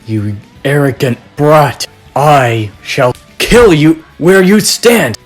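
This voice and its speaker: A man's voice: medium pitch, lively intonation, very slow, faint music behind. A man voicing an arrogant grown thug who blusters threats. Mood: threatening.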